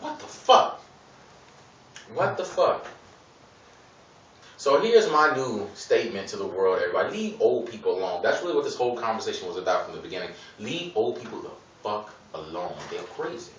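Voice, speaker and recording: Casting: male stand-up comic from Gary, Indiana, high and bright voice, profane and rambling, recorded in an echoey room. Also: recorded from a distance. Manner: loose, profane, digressive storytelling with exaggerated voices. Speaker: stand-up comedian. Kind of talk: stand-up comedy routine.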